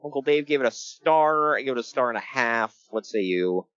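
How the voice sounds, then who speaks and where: With a medium-pitched, brisk voice and clean tone, a male podcast co-host laughs and jokes his way through an animated wrestling recap. The audio has no room sound and its highs are cut off.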